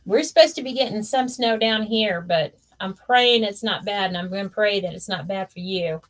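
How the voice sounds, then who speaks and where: A woman's voice: mid-range voice, normal speed. A woman hosting a crafting livestream, chatting casually and teasing while she works.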